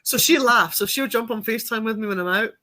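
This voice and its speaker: A middle-aged woman with a Scottish accent talks like a guest on a casual chat show. Her voice is bright and ringing. She tells stories freely, swears, and breaks into laughter often. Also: on the high side, fast. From Scotland. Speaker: podcast guest.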